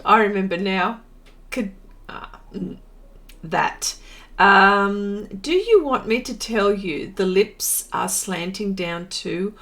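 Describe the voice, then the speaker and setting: Slow-talking, chatty woman live-streamer. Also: mid-range voice, a bit bright. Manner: stumbles over hard words, laughs at herself, chatty. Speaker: live-stream painting host. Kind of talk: casual live-stream chat reading viewer comments.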